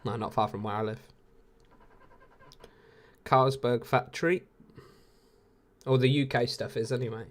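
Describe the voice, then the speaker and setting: A man's voice: medium pitch, fairly even intonation, a little slow, pauses often. A man in his late twenties with an English accent, hosting a casual live watch-along and chatting with viewers, laid-back and laughing often. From England. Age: 20s.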